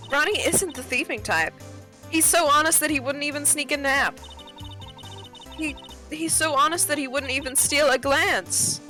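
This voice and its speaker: A woman's voice: high-pitched, normal speed, bright, forceful tone, faint music behind, voice pushed up. A woman voicing a doting, flamboyant middle-aged woman as she reads game dialogue aloud, in a theatrical, fawning manner. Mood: indignant.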